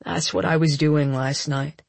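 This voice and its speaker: A woman voicing a gentle young man who speaks softly and haltingly, full of quiet guilt. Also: steady tone, gravelly, dry recording. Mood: remorseful. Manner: soft, halting, low-key.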